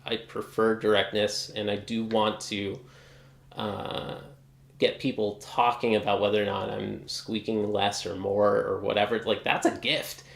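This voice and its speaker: A man's voice: medium pitch, creaky, reverberant. A man ranting casually in a vlog, exasperated and swearing often. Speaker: guitar hobbyist vlogger.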